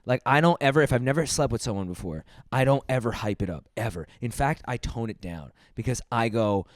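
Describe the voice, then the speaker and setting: A man's voice: mid-range voice, animated, fairly quick, no echo, studio quality. A man hosting a casual podcast chat, telling a rude story with lots of swearing and laughter. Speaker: podcast host.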